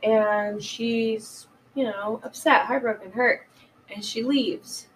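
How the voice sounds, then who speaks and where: A woman's voice: fairly high pitch, steady tone, takes it slowly, distant mic, a little hiss or hum, poor audio. A woman on a podcast casually retelling a movie plot, rambling with many fillers and stoned. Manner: rambling, filler-heavy retelling, acting out quotes. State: high. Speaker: podcast co-host. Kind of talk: casual movie recap chat.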